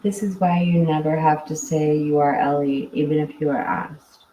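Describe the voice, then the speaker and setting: A woman hosts a casual livestream, chatting and reading viewer comments, laughing frequently while sounding tired and winding down. Her low, mellow voice stays fairly even at a normal pace. The recording is muffled with slight background noise, made in an echoey room with the mic at a distance.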